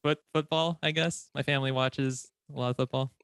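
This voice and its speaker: A man's voice: mid-range voice, fairly even intonation, fairly quick, fairly bright tone, smooth, dry recording, studio quality. A man from the US, a guest on a video-call interview, giving short, hesitant answers with lots of fillers. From USA.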